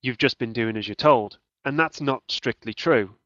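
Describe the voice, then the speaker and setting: A man's voice: medium pitch, normal speed, fairly bright tone, dry recording. A man talking casually about video games, often restarting his sentences as he works out his point. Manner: hesitant, restarts mid-thought. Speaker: podcast panelist. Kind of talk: casual gaming discussion. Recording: dull, dry lo-fi audio.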